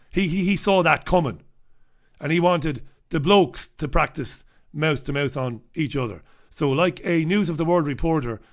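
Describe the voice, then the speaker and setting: A middle-aged man hosting a radio show, rambling through a checklist with irreverent, profane humor. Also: on the high side. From Ireland. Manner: rambling, irreverent, swears freely. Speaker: radio host. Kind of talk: casual comic monologue.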